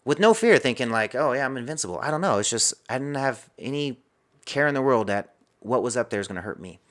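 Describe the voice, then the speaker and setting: A man's voice: mid-range voice, expressive, brisk. A man as a podcast guest, telling a personal story and acting out his own inner dialogue.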